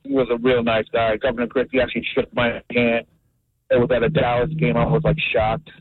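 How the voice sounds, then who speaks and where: A man's voice: mid-range voice, completely flat delivery, a little fast. A man from New Jersey calling in to a radio show, telling stories eagerly with lots of fillers. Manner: eager storyteller, many fillers. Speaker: caller. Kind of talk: call-in radio talk. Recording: tinny phone line.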